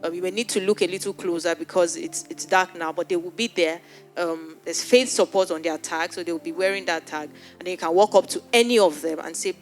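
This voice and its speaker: A woman pastor's fairly low voice comes fairly quickly as she earnestly pleads during an altar call and prayer, frequently repeating herself. Faint music plays behind her in a church hall with a live audience.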